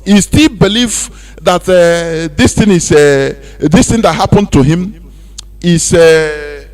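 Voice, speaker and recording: A Nigerian man giving animated radio commentary, laughing often and slipping into Pidgin. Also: a little high, slow pace. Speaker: radio presenter.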